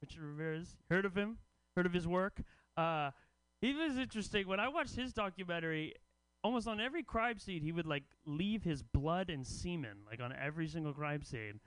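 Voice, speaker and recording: A male stand-up comic with a notably high, smooth, resonant voice. He delivers his set with wry, deadpan asides to the audience. The recording is close and dry. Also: brisk, dry recording. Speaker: comedy festival host and comic.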